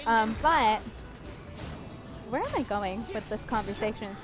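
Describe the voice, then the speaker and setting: A young woman streaming a game, talking fast and expressively, rambling with lots of fillers and restarts. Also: on the high side, lively intonation, over music. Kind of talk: casual chat while gaming.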